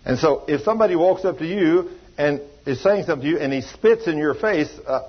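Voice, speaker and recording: A storytelling preacher, a man with a rather high, husky voice, who slips into the voices of the people in his tales. The recording sounds dull and lo-fi. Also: lively intonation, fairly quick. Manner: storytelling preacher acting out dialogue in a folksy drawl. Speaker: pastor. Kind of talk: sermon.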